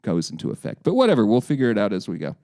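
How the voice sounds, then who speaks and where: A man's voice: fairly low pitch, wildly swooping pitch, rapid-fire, mellow, no room sound, clean studio sound. A man co-hosting a local news podcast in casual, joking chat, often correcting himself as he goes. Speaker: podcast co-host.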